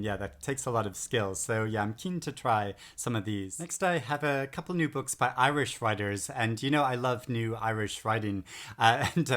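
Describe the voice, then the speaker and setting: A man's voice: lowish voice, a bit bright. A middle-aged man talking through new books in a casual vlog, enthusiastic and rambling with frequent hesitations. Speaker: book vlogger. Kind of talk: casual book-haul chat. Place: home in England.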